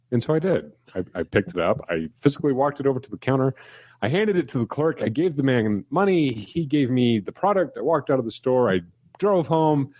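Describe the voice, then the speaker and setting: A man co-hosting a casual podcast chat, telling stories in an animated way. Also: medium pitch, fairly quick, no room sound, highs cut off. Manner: animated storyteller. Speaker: podcast co-host.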